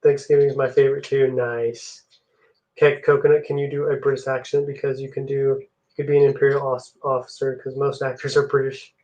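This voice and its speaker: A man's voice: mid-range voice, fairly quick. A young man hosting a live stream, chatting casually with viewers while he builds. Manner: relaxed, chatty, answers chat messages.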